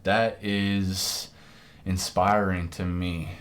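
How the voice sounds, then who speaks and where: A man's voice: low-pitched, flat delivery, very slow. A man hosting a music reaction, talking casually and effusively, rambling and swearing freely.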